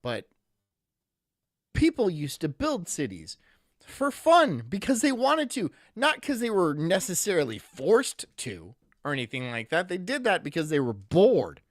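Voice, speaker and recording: A man's voice: high voice, huge pitch swings, measured pace, no echo, clean studio sound. A man streaming casually, reading chat aloud and rambling through jokey asides.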